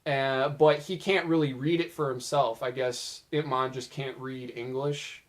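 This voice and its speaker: A man's voice: medium pitch, steady tone, measured pace. A young man casually recapping funny anime moments, chatty and loose, with lots of filler words. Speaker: video creator.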